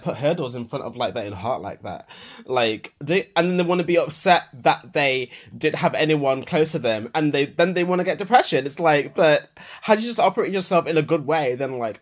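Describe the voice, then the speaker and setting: A young man, hosting a podcast in an unscripted voicenote monologue, swearing freely and rambling through a rant full of fillers. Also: on the high side. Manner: profane, meandering rant with many fillers. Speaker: podcast host.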